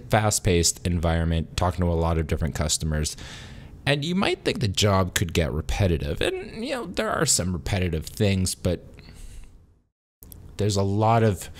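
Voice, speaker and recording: Alone on camera, a low-voiced man rambles through an unscripted vlog monologue, slightly tipsy from a beer. He's self-deprecating and often pauses and starts over.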